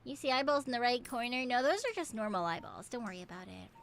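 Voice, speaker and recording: A woman's voice: on the high side, animated, fast, gravelly, a bit bright, slight background noise. A woman streamer giving casual gameplay commentary, playful and swearing freely.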